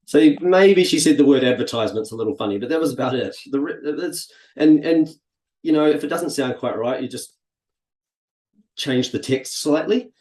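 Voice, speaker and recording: A man hosts a casual interview, speaking in a relaxed, chatty way with plenty of fillers. His voice sits at a middle pitch. It bounces around a roomy, echoey space. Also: moderate pace. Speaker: host. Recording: echoey room.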